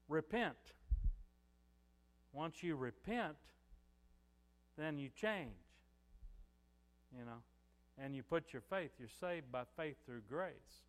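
A man's voice: mid-range voice, fairly bright tone, big-room sound. An older man preaching a sermon as pastor, in a conversational way with many "you know" fillers.

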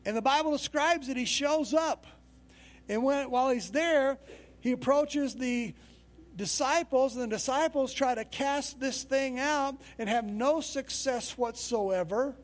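A male pastor preaching a sermon in a conversational, storytelling way. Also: extremely high pitch.

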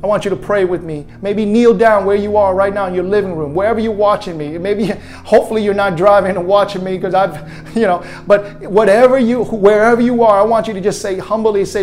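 A man's voice: high-pitched, fairly even intonation, brisk, few pauses, darkish tone, faint music behind. A man preaching an earnest sermon to viewers watching at home, leading them in a spoken prayer. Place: his own online broadcast to viewers at home.

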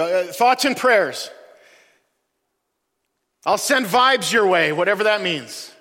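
Male pastor, fairly high bright voice, chatty sermon delivery, long hall echo. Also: lively intonation, slow. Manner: conversational preaching, acts out quoted voices.

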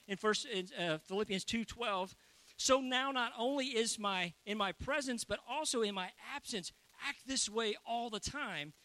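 A man's voice: high voice, bright, forceful tone, dry recording. A man preaching a sermon as a pastor, chatty and joking with his congregation.

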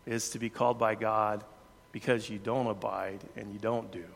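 A man preaching a sermon, earnest, shifting his pace and loudness for emphasis. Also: on the low side, level tone, moderate pace, gravelly. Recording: long hall reverb.

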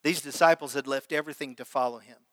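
A man's voice: mid-range voice, steady tone, fast, fairly bright tone, no room sound, long reverb tail. A man preaching a sermon as pastor, reading scripture aloud and calling out questions to his congregation. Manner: preaches with prayer and call-and-response to the congregation.

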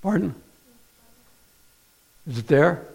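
A male preacher delivering a sermon, his slightly high voice rising and falling with lively swings. He talks to the congregation plainly and throws questions back at them as he goes. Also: slow pace, creaky, slightly rough. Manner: conversational, rhetorical questions to the congregation.

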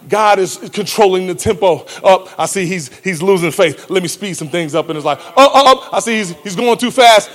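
A woman preaching a lively sermon, emphatic and often shouting, laughing between lines and calling out to the congregation. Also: on the low side.

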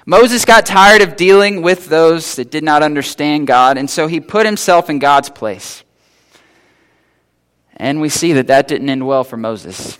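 A man preaching a sermon in a church, his voice sitting a little high. He talks in a relaxed, conversational way and slips into casual voices for the people in the story. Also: a little slow, clean tone. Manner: conversational, acts out biblical figures in casual voices. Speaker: pastor.

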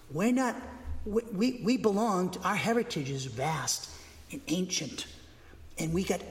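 A pastor preaches in a high-pitched male voice, pressing his points with emphasis. He rambles and restarts his sentences as he goes. The sound rings out in a reverberant hall. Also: a bit bright. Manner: rambling, self-correcting, emphatic. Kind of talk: sermon.

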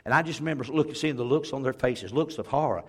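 A man's voice: mid-range voice, fast talker, breathy edge. A middle-aged man, a pastor preaching and telling a story in an earnest, emotional way. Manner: earnest, emotional storytelling that acts out others' words. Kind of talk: storytelling sermon.

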